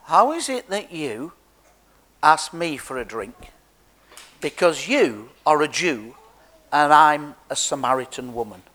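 A man's voice: a little high, animated, slow, long pauses, sharp tone, exaggerated voice. An Englishman voicing a wary Samaritan woman at a well, asking questions in disbelief. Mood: incredulous. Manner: incredulous, questioning.

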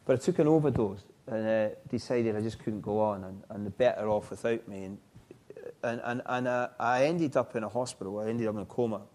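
A middle-aged man, telling his life story in an interview, halting and reflective with frequent restarts. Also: on the low side, darkish tone. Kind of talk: personal testimony in an interview.

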